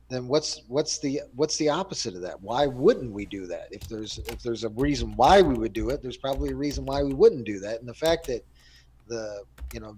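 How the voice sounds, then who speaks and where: Male host, average pitch, loose and rambling delivery. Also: a little mellow, husky. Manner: rambling, many fillers and restarts. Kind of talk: casual panel chat.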